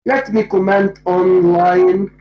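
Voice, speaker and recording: A literature lecturer explaining a poem, speaking deliberately and repeating key points to make them plain. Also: medium pitch, little pitch movement. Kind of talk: poetry lecture. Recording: dull lo-fi recording.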